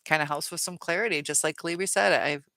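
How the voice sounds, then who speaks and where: A woman's voice: deep voice, fast talker, vocal fry, fairly bright tone, no echo. A woman hosting a live chat Q&A, reading viewer comments aloud and answering them in a chatty way with many fillers. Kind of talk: casual live-stream chat.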